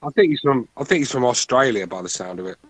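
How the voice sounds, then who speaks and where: A man co-hosting a boxing podcast, rambling loosely with restarts and swearing along the way. His pitch sits in the middle range. The sound is close and dry. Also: expressive, fast, no echo. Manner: rambling, repeats words, swears. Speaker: podcast co-host. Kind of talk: casual boxing podcast chat.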